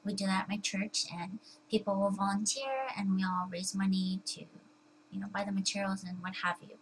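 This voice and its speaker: A woman's voice: mid-range voice, steady tone, normal speed, slight background noise, rough recording. A young woman talking casually to the camera at home, chatty and full of fillers and restarts. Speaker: vlogger.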